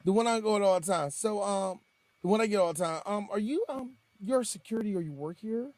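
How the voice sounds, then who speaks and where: A man co-hosting a casual podcast chat, telling animated jokey stories and slipping into other people's voices. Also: sits high, fast, no room sound. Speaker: podcast co-host.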